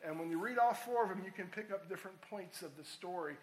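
A man's voice: high voice, fast, low-quality recording. A middle-aged man preaching a sermon as pastor, reading scripture aloud and building to emphatic peaks.

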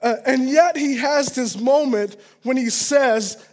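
Very high-voiced man preaching casually. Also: slow pace. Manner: casual and earnest, with frequent "all right?" asides. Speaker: pastor. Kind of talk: conversational sermon.

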